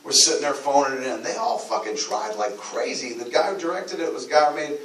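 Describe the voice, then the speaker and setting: A man's voice: mid-range voice, expressive, brisk, a bit bright, slight background noise. Brief: candid, foul-mouthed man fielding audience questions, roomy echo, mic at a distance. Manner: candid, profane, rambling. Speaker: filmmaker answering audience questions. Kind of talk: live Q&A talk.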